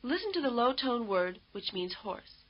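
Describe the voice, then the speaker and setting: A woman giving measured, explanatory scripted narration for a language course. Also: fairly high pitch, very animated, husky. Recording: dull lo-fi course audio.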